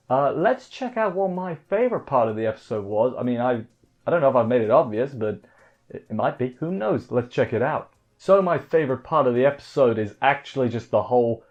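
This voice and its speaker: A man's voice: mid-range voice, darkish tone. Rambling man reviewing anime, slightly muffled. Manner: rambling, heavy on fillers and restarts. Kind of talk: casual video review talk.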